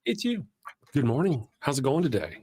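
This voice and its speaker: A man's voice: medium pitch, huge pitch swings, normal speed, mellow, breathy edge, no echo. A man hosting a morning talk show, chatting casually and dropping short sarcastic asides. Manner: sarcastic, short dry interjections. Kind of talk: casual chat.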